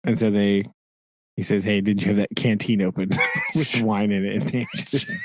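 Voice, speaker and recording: A man's voice: fairly low pitch, animated, slow, vocal fry, long pauses, no room sound. A man co-hosting a podcast, retelling a book's plot in loose, rambling chat. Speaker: podcast co-host. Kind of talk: casual book-club chat.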